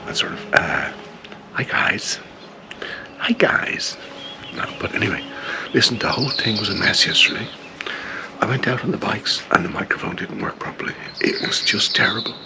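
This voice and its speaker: An Irish man talking casually to camera in a hushed whisper, rambling and chatty, outdoors in a garden at dawn. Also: lowish voice, a little fast, background noise. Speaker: motorcycle vlogger.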